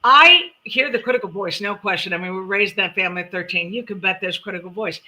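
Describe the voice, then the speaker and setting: A woman's voice: medium pitch, expressive, brisk, hardly any pauses, pushed and bright, poor audio. A middle-aged woman hosting a live-stream, chatting animatedly and giving numerology readings. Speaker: numerologist host.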